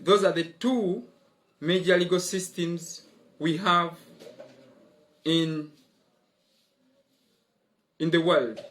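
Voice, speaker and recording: High-voiced man teaching law. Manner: repeats key words, frequent "mm-hmm" and "uh-huh" fillers; emphatic, drilling points home. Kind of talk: explanatory online lesson.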